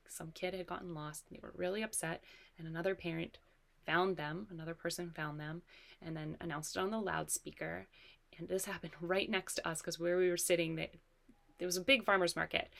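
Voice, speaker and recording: Low-ish woman with vocal fry, thoughtful mom chatting, soft asides. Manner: reflective, trails off into soft asides. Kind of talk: casual parenting chat.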